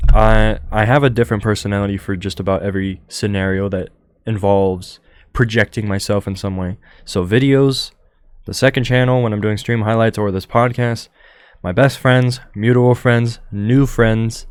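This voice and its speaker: A young man hosting a solo podcast, talking in a monotone and rambling with many fillers into a close microphone. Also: on the low side, measured pace, smooth, dry recording. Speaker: podcast host.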